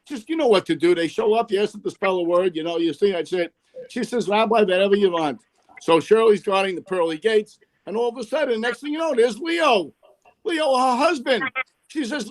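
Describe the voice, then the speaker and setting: A man's voice: high voice, brisk. A man telling jokes on a video call, rambling and correcting himself as he goes. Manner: rambling delivery, fumbles and corrects himself mid-joke. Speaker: joke-teller at an online comedy night.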